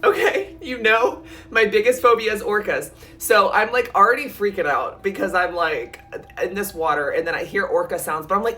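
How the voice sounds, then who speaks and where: A woman in a storytime vlog, retelling a nightmare in an animated, breathless way, with lots of "like" and sudden jumps in pitch, sometimes close to tears. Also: normal speed. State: near tears at times. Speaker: vlogger.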